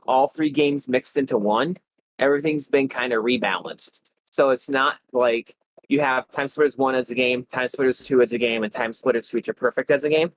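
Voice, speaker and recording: A man joining a stream over a call as a guest, explaining things in a relaxed way with plenty of fillers. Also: mid-range voice, a little hiss or hum, rough recording. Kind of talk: casual conversation on a call. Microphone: desk mic on a call.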